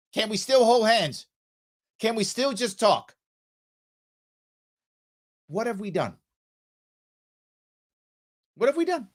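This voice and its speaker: A man's voice: high voice, fairly bright tone. An American man hosting a political talk show, delivering an emphatic livestream monologue and acting out both sides of each argument.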